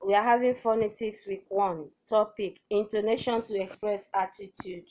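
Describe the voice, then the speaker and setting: A woman teacher giving a formal televised lesson, reading out each point of her outline in a measured, deliberate way. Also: mid-range voice, steady tone, warm tone, slight background noise.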